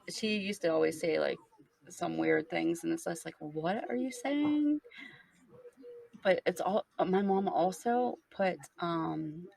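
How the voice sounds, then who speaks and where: A woman with a Pennsylvania accent co-hosting a podcast in casual chat, talking loosely with lots of "like" and quick laughs. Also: on the low side, creaky, a little mellow. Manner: chatty, full of "like" and quick laughs. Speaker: podcast co-host.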